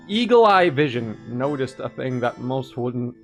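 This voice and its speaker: A man casually commenting on a video game as he plays, joking and animated, often laughing. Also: medium pitch, slow. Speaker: gaming channel host. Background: faint game music.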